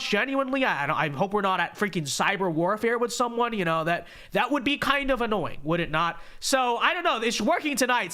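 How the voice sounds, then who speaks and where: Male live-stream host, a bit stuffed up, high and bright, sarcastic, talks to chat. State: congested.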